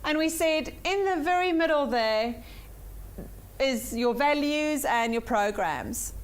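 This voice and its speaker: A woman's voice: sits high, smooth. A woman teaching a weekly personal development workshop, upbeat and repeating points for emphasis while checking in with her class.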